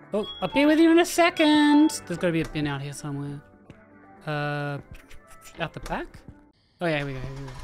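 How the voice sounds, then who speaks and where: A woman casually talking through a horror game as she plays, thinking aloud and chatting to the characters on screen. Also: sits low. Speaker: gaming streamer. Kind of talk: casual let's-play commentary. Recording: faint game music behind.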